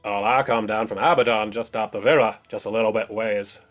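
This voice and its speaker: A man's voice: lowish voice, fairly even intonation, fairly quick, fairly bright tone, faint music behind, natural voice. A man voicing an ancient male demon who is a forgetful, folksy old man, rambling as he talks.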